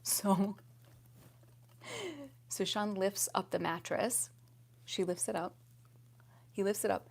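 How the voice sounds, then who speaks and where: A young woman vlogger chatting casually to her viewers, laughing often and swinging between loud exclamations and hushed whispers. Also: mid-range voice, steady tone, slow pace, vocal fry, long pauses. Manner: laughs often while talking.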